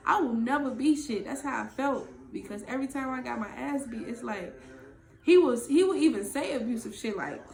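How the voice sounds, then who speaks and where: A woman's voice: on the high side, animated, fairly quick, darkish tone, echoey room, soft background music. A woman candidly telling her own story in a raw, emotional, profane way, as a vlog co-host.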